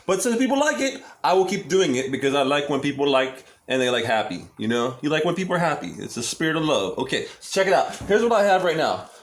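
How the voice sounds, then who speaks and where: Man, rambling cooking vlog, lively sing-song pitch, slightly high voice, small echoey kitchen. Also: fast, few pauses. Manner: rambling, cheerful, restarts often. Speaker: home cooking vlogger. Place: small home kitchen at the stove.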